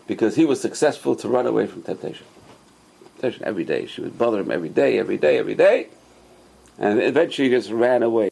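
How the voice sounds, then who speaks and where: A man of middling pitch with a gravelly, husky voice lectures on scripture. He hammers his points by repeating key phrases. He pushes his pitch up sharply on emphasis and sinks quiet on asides. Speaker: religious teacher. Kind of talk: Torah class lecture.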